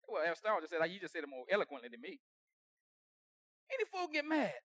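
High-voiced pastor preaching with loud bursts. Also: male voice, huge pitch swings, quick pace, no room sound, studio quality. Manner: conversational preaching with sudden loud bursts and dropped asides. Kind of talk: sermon. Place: church sanctuary.

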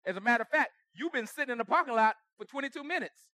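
A man preaching a conversational sermon with humor, acting out everyday quarrels and swinging from soft asides to shouts. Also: very high-pitched, expressive, racing, no room sound, clean studio sound.

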